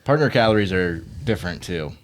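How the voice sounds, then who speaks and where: Deep-voiced male gym coach, easygoing, filler-heavy chat. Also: a little fast. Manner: relaxed, rambling with many fillers. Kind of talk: casual chat.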